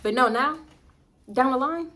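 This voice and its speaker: A woman with a Southern US accent telling a casual storytime, slangy and profane, jumping in pitch as she acts out what others said. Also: unhurried. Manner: animated, acts out quoted dialogue with big pitch jumps; slangy, profane, addresses viewers as y'all. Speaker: storytime vlogger.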